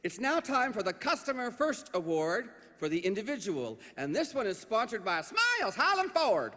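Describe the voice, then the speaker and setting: A man's voice: high voice, wildly swooping pitch, moderate pace, sharp tone. A man hosting a live awards ceremony in a large event hall, playful and teasing as he introduces presenters on a podium microphone. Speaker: awards emcee. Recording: long reverb of a large hall.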